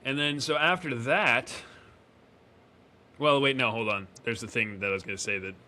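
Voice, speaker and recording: In a mid-range voice with a sharp tone, a man talks at normal speed while recapping an episode for a podcast in casual review-chat style. He uses fillers, corrects himself and performs character lines along the way.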